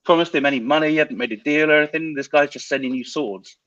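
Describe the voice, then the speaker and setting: A man co-hosting a podcast, curiously firing off quick questions. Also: fairly high pitch, fairly bright tone, dry recording, dull audio. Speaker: podcast co-host. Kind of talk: casual podcast chat.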